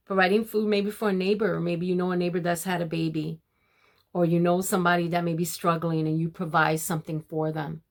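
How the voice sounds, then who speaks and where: Older woman giving homey devotional talk. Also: fairly low pitch. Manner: warm, preachy, addresses viewers as ladies. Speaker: homemaking vlogger. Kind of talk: casual devotional talk to viewers.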